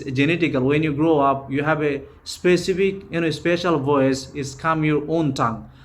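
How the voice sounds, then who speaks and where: A man with a Bangladeshi accent, a native Bengali speaker, gives an earnest, informal spoken-English lesson, often restarting and repeating himself. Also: on the high side. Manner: earnest, repetitive, frequent restarts. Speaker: English teacher.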